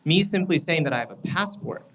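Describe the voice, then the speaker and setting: A man's voice: a little high, expressive, fairly quick, fairly bright tone, rough recording. A man from the United States speaking as a panelist, explaining in a conversational way and often checking in with "right?". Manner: conversational, explanatory, tag questions. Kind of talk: panel discussion.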